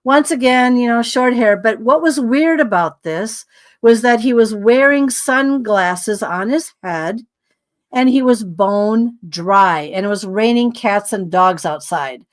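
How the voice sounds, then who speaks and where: A woman's voice: a little high, takes it slowly. A woman guest telling a story in casual conversation, acting out dialogue with lots of fillers and sounding tired. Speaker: podcast guest.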